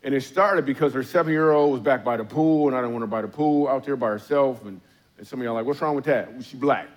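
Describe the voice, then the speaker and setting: A man's voice: mid-range voice, fast. A middle-aged man doing stand-up comedy at a church service, telling stories conversationally and acting out his own and others' lines. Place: church auditorium on stage.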